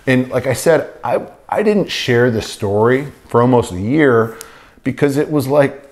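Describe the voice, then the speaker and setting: A man's voice: mid-range voice, expressive, a little slow, darkish tone. A man sharing a personal faith testimony in an earnest, rambling storytelling way, full of fillers and restarts. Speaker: testimony speaker.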